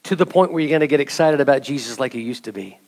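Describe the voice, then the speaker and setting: A man's voice: mid-range voice, fast, a little mellow. A male pastor preaching an earnest sermon and leading his congregation in song.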